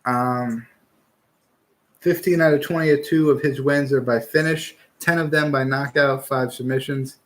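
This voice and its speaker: A man's voice: mid-range voice, fairly even intonation, a little slow, fairly bright tone. Blunt, profane young man talking fights. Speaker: podcast host giving fight picks. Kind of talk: casual fight talk.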